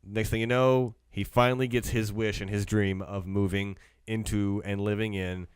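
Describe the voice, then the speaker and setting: A man, co-hosting a casual talk show in an earnest, measured way. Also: lowish voice, little pitch movement, smooth, no echo, studio quality. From Memphis, Tennessee. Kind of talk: casual chat.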